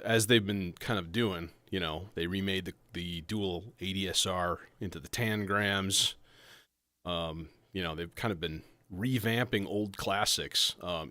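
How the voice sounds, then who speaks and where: A man with a lowish voice talks casually and rambles, cutting himself off and jumping between thoughts. The sound is dry and close, with faint electronic music playing quietly behind him. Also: dry recording. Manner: rambling, self-interrupting, excitable. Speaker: livestream host. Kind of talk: casual livestream chat about modular synths. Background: faint synth music.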